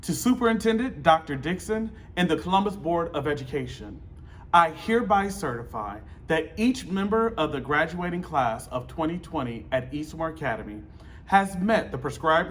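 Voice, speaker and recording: A man's voice: a little high, fairly bright tone, slight background noise. A man, likely the principal, formally reading a graduation certification. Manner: measured, formal.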